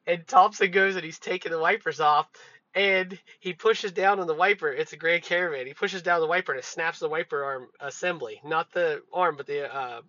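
A man's voice: on the high side, brisk, bright, forceful tone, no room sound. A man hosting a podcast, telling work stories in a loose, profane, casual way with many fillers. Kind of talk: casual storytelling monologue. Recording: dull lo-fi recording.

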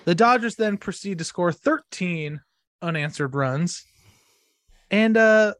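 A man's voice: high-pitched, animated, takes it slowly, fairly bright tone. A man co-hosting a casual sports podcast, gloating and swearing as he mocks rivals. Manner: gloating, profane, mocking. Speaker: podcast co-host.

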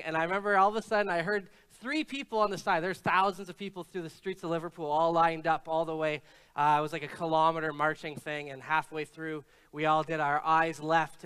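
A man preaching a sermon as pastor, telling stories in a relaxed, conversational way with frequent hesitations. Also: fairly high pitch, smooth. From Canada.

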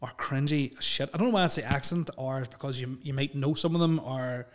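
A man's voice: medium pitch, brisk. Laughing Northern Irish man on a podcast. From Northern Ireland. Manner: laughs often, swears freely, lots of fillers. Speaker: podcast co-host. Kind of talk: casual podcast chat.

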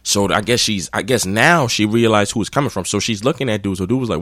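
Low-voiced man telling a blunt story. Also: fast, few pauses, fairly bright tone, no room sound, clean studio sound. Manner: profane, blunt, rambling. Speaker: podcast host. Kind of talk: casual storytelling.

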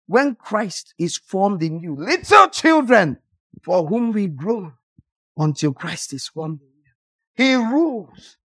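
A preacher giving a passionate, scolding sermon, rising now and then into sudden shouted bursts. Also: medium pitch, dry recording.

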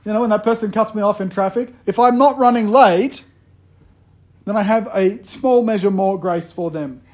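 A pastor giving a sermon in a relaxed, humorous storytelling way, often joking with the congregation. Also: male voice, sits high, moderate pace.

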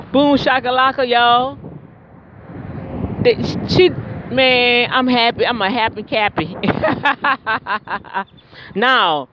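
A man working in retail, telling a story to his viewers in a chatty vlog, exclaiming often and calling out to his audience. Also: very high-pitched. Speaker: retail store worker. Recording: muffled, loud wind noise.

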